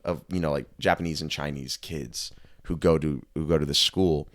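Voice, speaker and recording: A man's voice: rumbling low, steady tone, moderate pace, a bit bright, dry recording, clean studio sound. A young man co-hosting a podcast, chatting casually and telling rambling stories full of restarts. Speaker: podcast co-host. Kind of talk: casual chat.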